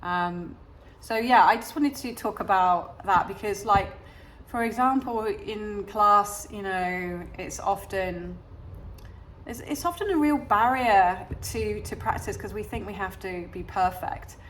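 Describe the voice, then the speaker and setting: A woman's voice: mid-range voice, a little slow, a little hiss or hum. A woman with an English accent, a yoga teacher talking casually to camera, hesitant with many fillers and restarts. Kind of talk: casual talking-head chat.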